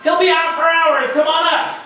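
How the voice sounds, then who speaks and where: A man's voice: extremely high pitch, steady tone, normal speed, bright, forceful tone, very echoey, recorded from a distance, slight background noise, voice pushed up, low-quality recording. A man voicing a brash, boastful male showman filmmaker with grand talk.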